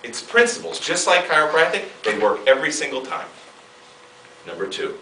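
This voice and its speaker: A man giving an emphatic motivational seminar talk, swinging from loud bursts to hushed asides, heard from a distance in a large hall. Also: on the high side, animated, normal speed, a little hiss or hum. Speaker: seminar speaker.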